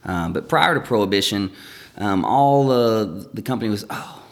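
A man's voice: lowish voice, expressive, moderate pace. A man who is a distillery representative, talking casually as a guest and explaining at length with many fillers. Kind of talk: casual podcast chat.

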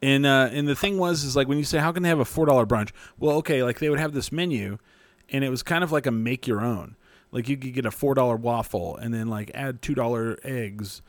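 A man's voice: medium pitch, a little fast, no room sound. Man from New Mexico, casual rambling storyteller, dry close sound. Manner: rambling, profane, laughing often.

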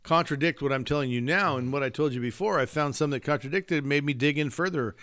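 A man's voice: fairly high pitch, fast, a bit bright. A man who is a pastor, talking earnestly and emphatically in a casual faith discussion, slipping into a preaching tone.

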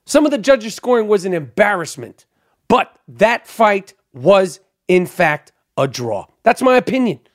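A man's voice: sits high, very animated, measured pace, no echo, studio quality. A man hosting a podcast in a casual monologue, emphatic and profane, rambling with many repetitions. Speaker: podcast host.

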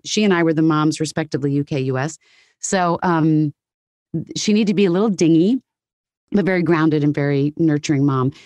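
A middle-aged woman voice actor talking in a casual interview, animated and quick to break into voices. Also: fairly low pitch, no echo, studio quality. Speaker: guest voice actor.

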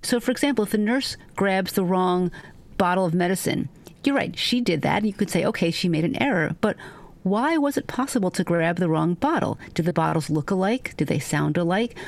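A woman doctor, a guest on a podcast, telling wry, animated stories about her medical training. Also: fairly low pitch, brisk, creaky. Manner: animated, wry anecdotes with vivid quotes. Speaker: physician guest. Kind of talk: conversational storytelling.

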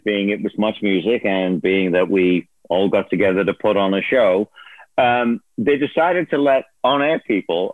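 A man's voice: fairly low pitch, no room sound. A man telling a story as a guest in a casual interview, laughing often and acting out other people's voices. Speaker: guest, former producer turned on-air host. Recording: dry tinny phone-like line.

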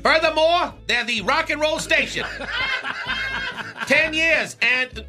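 A man's voice: very high voice, takes it slowly, loud music behind the voice. A man voicing a brash, boastful male rap master who makes up long words in a comedy radio bit.

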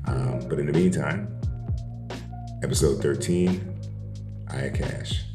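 A man hosting a conversational podcast interview, relaxed and dotted with fillers. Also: very deep voice, takes it slowly, reverberant, over music. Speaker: podcast host.

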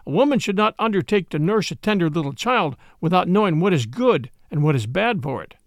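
Man doing soft-spoken stable hand, low and pleading, gravelly dry sound. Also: big pitch swings, brisk, no room sound. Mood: firm. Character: gentle adult male stable hand.

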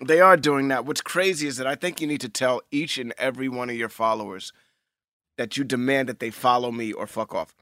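A man co-hosting a casual podcast chat, joking loudly and hyping in playful bursts. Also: medium pitch, brisk, dry recording, clean studio sound. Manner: loud, playful, shouty hype bits. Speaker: podcast co-host.

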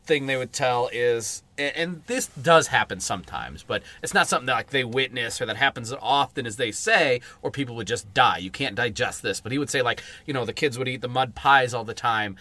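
A man's voice: medium pitch, fairly quick, hardly any pauses, sharp tone. A man co-hosting a podcast who tells stories wryly with some swearing and reads passages aloud. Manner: conversational storyteller, wry and profane. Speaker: podcast co-host. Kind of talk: casual podcast chat and reading aloud.

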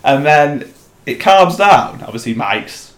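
A man co-hosting a podcast, telling stories in a casual, animated way. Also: on the high side, slow pace, echoey room. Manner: animated storyteller, shouts when acting out others. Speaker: podcast co-host. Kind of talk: casual chat.

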